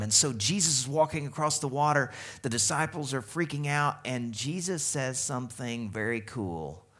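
A man preaching a sermon as a pastor, animated and conversational, asking the congregation questions as he goes. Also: mid-range voice, moderate pace, hardly any pauses.

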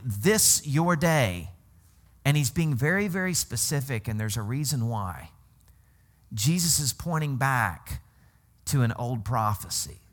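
A man's voice: mid-range voice, a bit bright. A man from Arkansas preaching a sermon as pastor, in a conversational way, often checking in with "okay?" and laughing as he teaches.

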